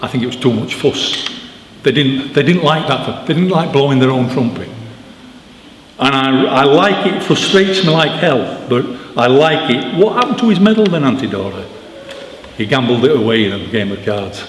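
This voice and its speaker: A man giving an animated, informal talk to an audience at a book launch, telling stories with emphatic asides. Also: mid-range voice, normal speed. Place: church hall. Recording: echoey church with long reverb, faint noise.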